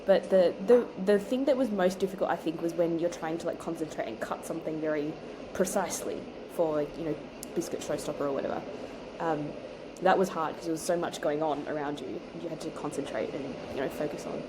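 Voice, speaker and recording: A young woman chatting casually while baking, chatty and quick to laugh, with lively emphasis. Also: deep voice. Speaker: home baker and co-host. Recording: noticeable background noise.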